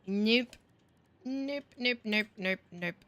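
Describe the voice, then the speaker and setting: Woman playing a factory game, bright voice, dry close mic, talks back to the game all sarcastic. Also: mid-range voice, takes it slowly, dry recording. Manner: wry, self-mocking, talks to the game. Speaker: gaming video host. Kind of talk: casual gameplay commentary.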